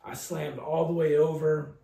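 A man co-hosting a podcast, telling a drunken story with heavy swearing and lively voice impressions. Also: a little high, a little slow, creaky, slight background noise. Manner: profane, animated storyteller, mimics voices. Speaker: podcast co-host. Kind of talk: casual storytelling chat. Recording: roomy, distant mic.

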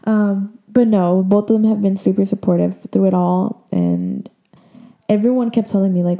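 A young woman in her twenties hosts a podcast in a loose, chatty way, full of fillers and open feeling. Her voice sits at a middle pitch but sounds very dark and mellow, with a steady gravelly fry running under her words. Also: normal speed. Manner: emotional, chatty, many fillers. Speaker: podcast host. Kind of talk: casual chat.

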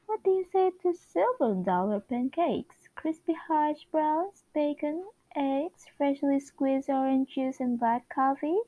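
A woman reading lines as a cheerful 1950s sitcom couple in a bright, singsong voice. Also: sits high, lively intonation, takes it slowly, no room sound, phone-quality sound, voice pushed up. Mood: cheery. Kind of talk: amateur dramatic reading.

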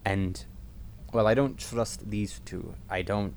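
A composed pirate captain with a fairly low voice, put on by a man. He talks in a measured, reassuring way in a tabletop game, with faint hiss behind him. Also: steady tone, a little mellow. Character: refined male pirate captain, calm and tasteful. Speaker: ship's captain.

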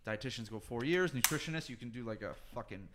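A nutritionist and weight-cut coach chatting on a podcast, telling his story quickly, swearing freely and acting out what people said. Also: mid-range voice, lively intonation, background noise. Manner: fast storytelling, swears often, acts out quotes. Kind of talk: casual podcast chat.

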